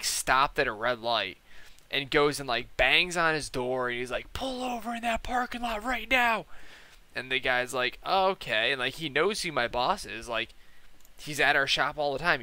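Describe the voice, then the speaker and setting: A man's voice: mid-range voice, bright, forceful tone, clean tone. A young man chatting casually over his gameplay, telling stories in heavy slang with lots of swearing and acting out the people he quotes. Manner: profane, slangy, heavy "like" and "dude"; acts out quoted people in changed voices. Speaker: gameplay commentator.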